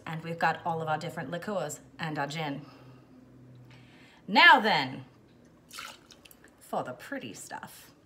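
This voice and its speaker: A woman's voice: low-pitched, fairly bright tone, a little hiss or hum. A woman hosting a casual cocktail how-to, playful, slipping in and out of a put-on continental accent. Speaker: cocktail show host.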